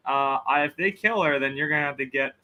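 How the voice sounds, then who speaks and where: Chuckling man, slightly high voice. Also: fast, highs cut off. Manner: chuckling, trailing off, mimics lines. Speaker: podcast co-host. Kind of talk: casual review chat.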